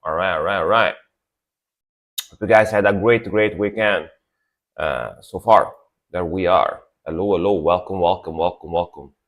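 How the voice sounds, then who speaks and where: A man talks casually to his stream viewers in a somewhat low voice. He sounds sleepy, as if he just woke up, and rambles along, repeating words with plenty of fillers. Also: moderate pace, long pauses. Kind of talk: casual livestream chat.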